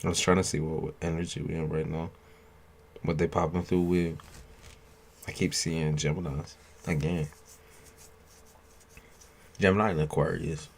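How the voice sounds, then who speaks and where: A man's voice: low-pitched, steady tone, measured pace, pauses often. A man hosting a late-night tarot live stream, chatting loosely with viewers by name, swearing freely and joking, sounding tired.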